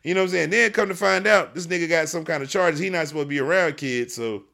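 High gravelly man, animated storyteller. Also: fast talker. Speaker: podcast host and youth football coach. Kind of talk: casual chat.

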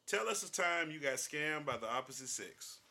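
A man with a ringing, bright voice pitched a little high. He co-hosts a casual chat, cursing freely and mimicking the people in his stories. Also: normal speed, slight background noise. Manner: profane, animated, acts out other people in quoted voices. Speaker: podcast co-host. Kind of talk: casual banter and storytelling.

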